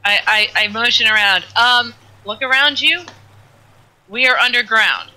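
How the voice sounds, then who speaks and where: A man with a high, very bright and sharp voice plays a tabletop game. He stumbles through his descriptions, repeating words as he goes. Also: a little slow, poor audio. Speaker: player.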